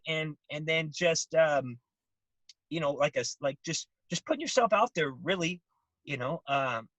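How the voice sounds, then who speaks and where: A man's voice: sits high, dry recording, poor audio. A man being interviewed, telling stories animatedly with many restarts and acted-out quotes. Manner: animated storytelling, acts out voices, many restarts. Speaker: interview guest. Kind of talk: casual interview.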